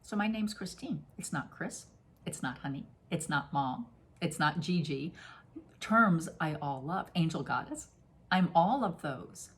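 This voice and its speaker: A woman's voice: low-pitched, animated, unhurried. A middle-aged woman giving a casual, effusive spoken oracle card reading, playful and given to sudden exclamations. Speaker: spiritual reader.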